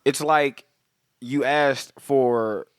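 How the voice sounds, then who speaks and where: A man's voice: mid-range voice, steady tone, clear, resonant tone, dry recording. Man, podcast co-host, casual profane chat, laughs often, dry recording. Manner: profane, laughing, acts out characters in quick bits. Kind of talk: casual chat, movie recap.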